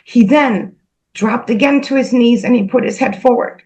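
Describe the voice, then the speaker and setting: A woman earnestly recounting a spiritual experience, halting and repeating herself, emotional as she goes. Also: fairly high pitch, a little mellow, rough recording. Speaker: spiritual channel host. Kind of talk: personal spiritual storytelling.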